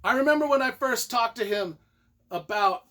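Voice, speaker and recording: A man giving an excited, casual book review, rambling and repeating himself, now and then breaking into loud emphatic bursts. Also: very high-pitched, moderate pace.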